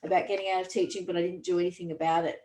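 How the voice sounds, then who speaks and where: Earnest woman, low voice, coaching talk, roomy echo. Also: little pitch movement, rapid-fire, mellow. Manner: earnest, reflective, frequent restarts. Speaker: podcast host and coach.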